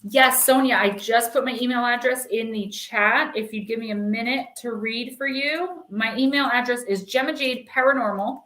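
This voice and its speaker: A woman hosts a live-stream oracle card reading, chatting casually in a loose, reassuring way packed with "like" and "um." Her fairly high, fairly bright voice moves at a moderate pace with hardly any pauses. A noticeable roomy echo surrounds it.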